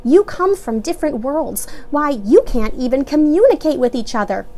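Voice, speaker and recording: A woman voicing a gentle but firm mother beetle in a storybook reading. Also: high voice, sing-song, normal speed, pitched above the performer's own voice. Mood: soothing firm. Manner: soothing yet firm.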